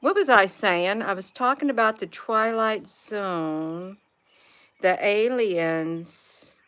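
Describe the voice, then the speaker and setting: A woman on a casual livestream, recorded outdoors in a yard. Her voice is bright and forward, and her talk meanders, with lost threads and frequent greetings to viewers by name. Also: medium pitch, slow pace, smooth. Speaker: live streamer. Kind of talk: rambling casual livestream chat.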